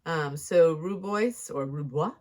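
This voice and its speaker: A woman's voice: low voice, slow, darkish tone. Playful woman co-hosting a morning chat. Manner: playful, teasing banter. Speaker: co-host. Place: cabin indoors.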